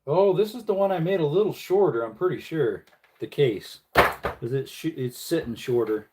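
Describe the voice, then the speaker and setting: A man's voice: on the high side, animated, moderate pace, darkish tone, a little hiss or hum. A man hosting a casual livestream, mumbling and joking to his chat while he works at a bench. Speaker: livestream host.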